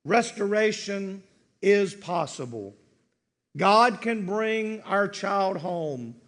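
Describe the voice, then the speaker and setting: A male pastor preaching a sermon slowly and earnestly, letting his lines fall soft at the ends. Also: high voice. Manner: slow, earnest preaching with soft, dropping line endings.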